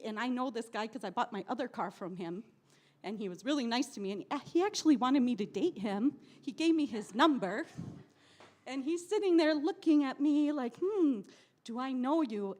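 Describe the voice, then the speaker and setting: A woman's voice: fairly high pitch, animated, moderate pace, darkish tone. Exasperated profane woman at an open mic. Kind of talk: spoken word storytelling. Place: live cafe event.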